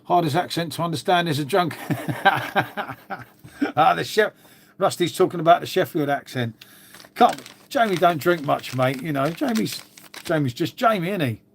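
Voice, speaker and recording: A man's voice: fairly high pitch, expressive, moderate pace, creaky, slight background noise. A man, a livestream host rambling casually and answering his viewers, calling everyone mate. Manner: rambling and chatty, calls people mate.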